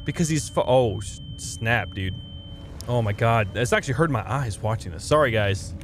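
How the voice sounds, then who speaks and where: A young man giving casual, excitable gameplay commentary, often swearing and saying dude. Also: mid-range voice, moderate pace, slight background noise. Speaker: let's play gamer. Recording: game music playing behind.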